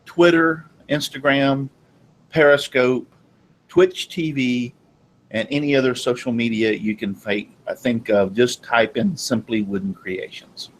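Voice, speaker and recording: Upbeat man reeling off shout-outs. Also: mid-range voice, a little hiss or hum, low-quality recording. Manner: friendly, upbeat, reels off names. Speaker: co-host. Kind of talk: casual live-stream chat. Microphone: video call.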